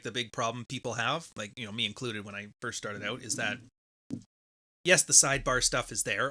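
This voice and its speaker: Man, podcast host, bright tense tone, casual rambling livestream chat, close mic. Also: medium pitch. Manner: casual, rambling, reads out viewer messages. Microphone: close microphone.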